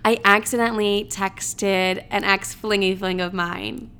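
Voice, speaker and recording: A woman's voice: medium pitch, steady tone, a little slow, vocal fry, sharp tone, clear, resonant tone. A young woman hosting a podcast alone, chatting casually and dramatically, swearing and filling her talk with "like". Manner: chatty, dramatic, swears freely, many fillers. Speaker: podcast host. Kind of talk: casual solo chat.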